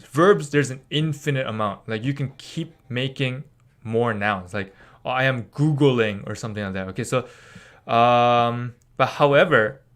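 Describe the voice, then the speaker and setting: A man's voice: mid-range voice, a bit bright. A young man giving a casual live-streamed language lesson, rambling with lots of fillers and little laughs.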